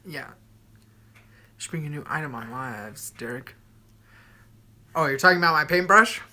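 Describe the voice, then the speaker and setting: A woman chatting casually on a home livestream, playful and jokey, tossing in quick asides. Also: deep voice, expressive, sharp tone. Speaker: livestream co-host. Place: home, indoors.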